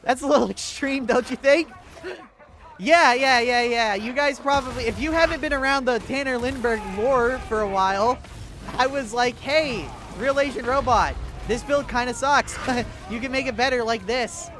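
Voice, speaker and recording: A man's voice: extremely high pitch, moderate pace, fairly bright tone. Guy streaming a game, chill and sweary, sarcastic replies to chat, faint hiss behind him. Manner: laid-back, profane, answers chat with sarcastic asides. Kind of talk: casual livestream chat while gaming.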